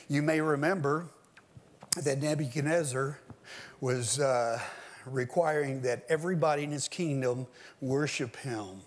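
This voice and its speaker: A man's voice: mid-range voice, a little slow. A man preaching an expository sermon, explaining a text in an emphatic teaching manner and sometimes raising his voice for stress.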